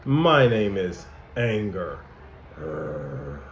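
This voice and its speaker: A man doing Anger, a gruff grumpy emotion character. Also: mid-range voice, animated, unhurried, a little hiss or hum, lightly acted. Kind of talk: picture book read aloud to young children. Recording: dull, echoey room recording.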